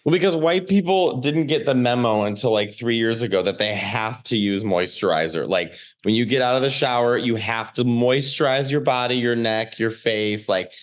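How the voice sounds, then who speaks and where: A man in his thirties with a Chicago accent, a comedian telling animated stories in casual podcast chat. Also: medium pitch, normal speed, few pauses. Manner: animated storyteller, many "like" fillers. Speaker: comedian guest.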